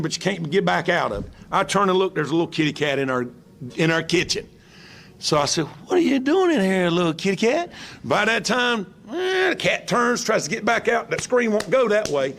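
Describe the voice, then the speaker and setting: Male coach, quick animated storyteller, high lively voice, faint music behind. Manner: fast, animated, imitating a cat. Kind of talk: anecdotal storytelling.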